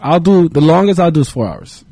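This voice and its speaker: A man with a lively, laughing podcast voice. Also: on the high side, fairly quick, creaky. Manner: laughs often, animated storytelling with put-on quotes. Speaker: podcast co-host. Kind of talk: casual chat.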